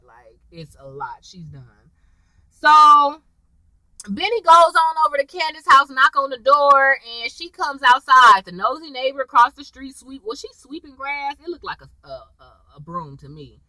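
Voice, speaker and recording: A woman casually recapping a TV episode, acting out the characters' lines in a lively, chatty way. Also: a little high, no echo, low-quality recording. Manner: animated, acts out characters' lines. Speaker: TV episode reviewer.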